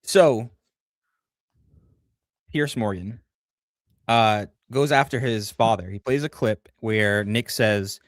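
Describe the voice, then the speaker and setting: Low-voiced man rambling on a livestream. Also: slow pace, pauses often, dry recording, studio quality. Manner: rambling, reads chat comments aloud. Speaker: livestream co-host. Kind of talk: casual livestream commentary.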